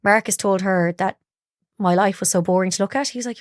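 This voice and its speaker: A woman's voice: mid-range voice, quick pace, dry recording, studio quality. A young woman speaking openly as an interview guest, telling her story and acting out what people said to her. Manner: open, confiding storyteller, acts out her own quotes. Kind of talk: candid personal interview. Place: podcast studio.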